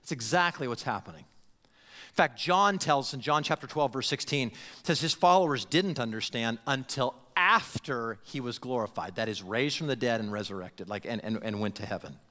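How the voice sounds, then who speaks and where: A man preaching a sermon as pastor, animated and given to stumbling over and repeating his words, acting out the voices he quotes. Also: mid-range voice, moderate pace. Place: church sanctuary. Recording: long reverb of a church hall.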